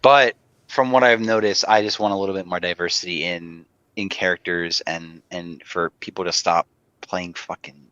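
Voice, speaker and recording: A man's voice: low-pitched, steady tone, moderate pace, bright, forceful tone, no room sound. Guy rambling about roleplay, swears a ton, dry muffled mic. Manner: rambling, swears a lot, many "like" fillers. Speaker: podcast guest. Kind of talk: casual chat about roleplay.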